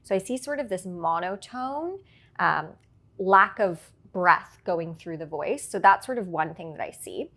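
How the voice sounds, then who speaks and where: A woman working as a public speaking coach, explaining her points clearly in an interview and often checking in with "right?". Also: on the low side, lively intonation, measured pace, fairly bright tone. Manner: articulate, explains with examples and frequent "right?". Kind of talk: instructive interview answers.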